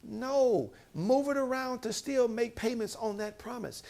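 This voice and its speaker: A man's voice: very high-pitched, unhurried, gravelly. A man giving a motivational, sermon-style talk, retelling a Bible story and acting out the quotes with emphatic bursts. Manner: animated, acts out quotes, rising to emphatic bursts; Bible storytelling with conversational asides. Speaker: speaker.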